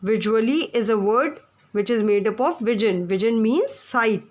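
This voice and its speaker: A woman teacher, her voice pitched a little high. She explains words to young pupils in a patient lesson tone and spells each one out letter by letter. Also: animated, moderate pace. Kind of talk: online class lesson.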